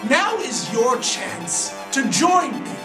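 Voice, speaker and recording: A man's voice: very high voice, sing-song, slow, music in the background, voice pushed up, exaggerated voice. Smug scheming alien general, guy doing the voice, roomy far-off sound.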